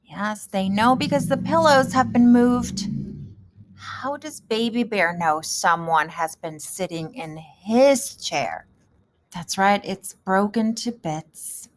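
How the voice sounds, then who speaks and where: A woman teaching a kindergarten reading lesson, gentle and encouraging, who asks the children questions and then answers them. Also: medium pitch, lively intonation, slow pace, a little hiss or hum.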